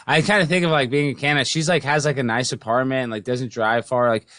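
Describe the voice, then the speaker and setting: Male host, excitable and uneven, loud then muttering, dry close sound. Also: fast talker, no room sound. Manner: excitable, swings between loud outbursts and low mumbling. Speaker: podcast host. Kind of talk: casual chat.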